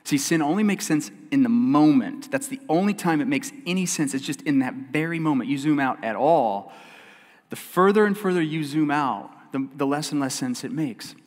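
A man preaching a sermon as pastor, earnest and emphatic, swinging between loud stresses and quiet passages and repeating key phrases. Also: a little high, expressive, moderate pace. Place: church sanctuary. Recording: long church hall reverb.

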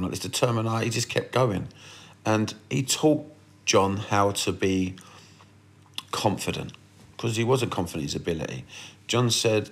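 Male podcast host, lowish voice, casual, blunt and sweary with rambling restarts. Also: fairly bright tone. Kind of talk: casual storytelling monologue.

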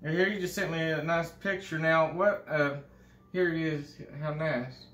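A man's voice: on the high side, steady tone, unhurried, fairly bright tone. A man doing a crude, bragging governor. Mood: ranting. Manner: rambling, profane and bragging. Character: crude boastful older male state governor. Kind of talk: comedic impression monologue. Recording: echoey room.

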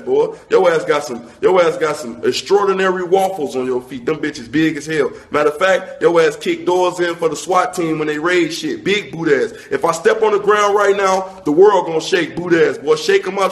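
A man doing a comedic roast rant, riffing rapid-fire insults with repeated catchphrases. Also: on the high side. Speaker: vine comedian.

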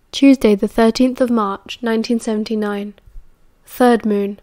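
A woman with a British accent reading an audiobook in a calm, measured way. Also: on the high side. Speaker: audiobook narrator. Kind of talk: audiobook narration.

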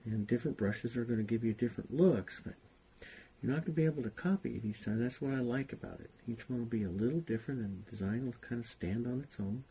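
A man's voice: mid-range voice, fast talker, warm tone, slightly rough. A man teaching a painting class, talking unhurriedly and thinking aloud as he paints. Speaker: painting instructor. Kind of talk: relaxed painting demonstration.

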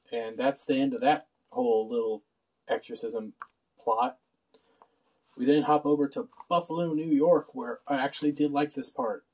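A man's voice: medium pitch, darkish tone, husky, low-quality recording. A man casually recapping a TV episode with sarcastic asides and frequent fillers. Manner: sarcastic, offhand, many "uh" fillers. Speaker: show reviewer.

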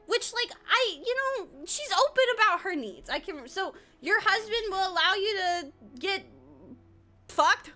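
A young woman streaming a game, joking and swearing in animated, loose commentary and laughing often. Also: extremely high pitch, measured pace, soft background music. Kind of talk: casual live-stream gaming commentary.

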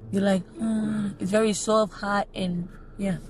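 A woman's voice: mid-range voice, little pitch movement, moderate pace. A woman in casual chat, blunt and irritated, swearing and using casual slang. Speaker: friend and prank target.

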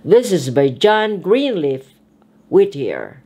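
Woman speech teacher, pronunciation drills, very slow, over-articulated words, lively pitch. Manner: slow, carefully over-articulated words, each repeated twice.

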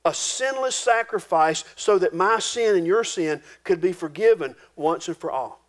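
A male pastor preaching a sermon in a folksy, homespun way, dropping low and quiet for solemn points. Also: animated, normal speed. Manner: folksy, homespun preaching with rural turns of phrase.

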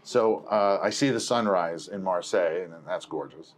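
Man, film producer, rambling storyteller, slightly low voice, acts out quotes. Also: moderate pace. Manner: rambling, self-correcting, acts out quoted dialogue. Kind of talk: conversational storytelling.

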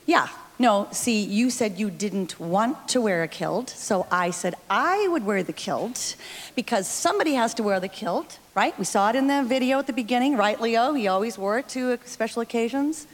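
A woman's voice: a little high, expressive, normal speed. A woman performing comic banter and telling jokes in a live radio stage show, playful and teasing, laughing often. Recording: live theater with long reverb.

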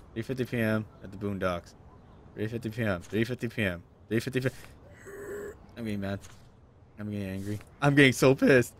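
Gamer host, man, animated up-and-down delivery, grumbling and cursing at a puzzle. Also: on the low side, vocal fry. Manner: frustrated muttering and swearing. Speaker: gaming video host. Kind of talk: let's play commentary.

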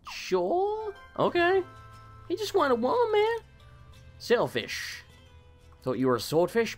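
A man hosting a casual let's play, recovering from a cold, who sarcastically swears and talks back at game characters. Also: on the high side. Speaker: gaming channel host.

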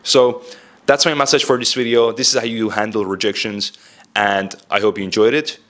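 A man's voice: on the low side, fairly even intonation, moderate pace, fairly bright tone. A young man giving casual self-improvement advice in a direct, chatty way, saying "like" and "bro" a lot. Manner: direct, heavy use of "like" and "bro".

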